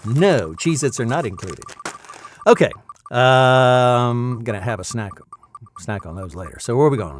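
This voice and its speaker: A man's voice: mid-range voice, lively intonation, unhurried, slight background noise. A man in his fifties, a voice actor hosting his weekly vlog from his insulated home booth, chatting casually and slipping into playful game-show hype. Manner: playful, chatty, breaks into mock announcer hype. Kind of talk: casual chat with a hammy game-show giveaway.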